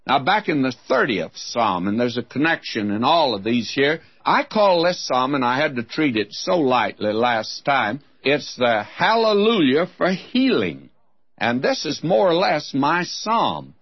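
A man's voice: mid-range voice, a little slow, breathy edge, no room sound. An older man teaching through the Psalms in a radio Bible lesson, reading verses with rising emphasis, on a dull old recording. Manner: lively, reads scripture with rising emphasis.

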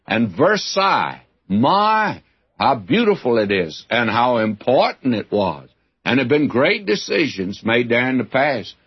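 Husky folksy male Bible teacher. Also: mid-range voice, big pitch swings, measured pace, highs cut off. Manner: folksy, conversational, emphatic. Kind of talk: radio Bible teaching sermon.

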